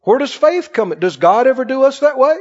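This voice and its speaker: A man's voice: very high-pitched, expressive, a little fast, a little mellow. A man preaching a sermon to a congregation, telling folksy stories and often asking them "Right?". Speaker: pastor. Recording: dull lo-fi church recording with long reverb.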